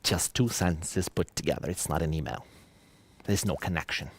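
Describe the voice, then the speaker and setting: In an online lecture, a man talks animatedly, drifting into musing asides and reading examples aloud. His voice sits low and moves at a normal speed.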